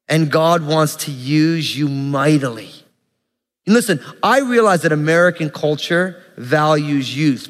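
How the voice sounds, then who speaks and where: Young male pastor, slightly high voice, earnest conversational sermon, church hall reverb. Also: a bit bright. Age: young adult. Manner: earnest, conversational preaching with quick asides.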